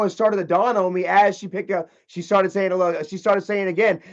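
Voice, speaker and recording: A man's voice: high voice, fast, few pauses, dull audio. A man telling a story in a casual, profane, rambling rant, often repeating himself. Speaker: channel host.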